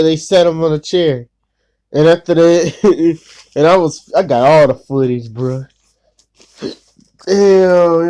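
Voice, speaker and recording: A man's voice: fairly high pitch, dark tone. A man telling a casual, rambling story full of slang and restarts.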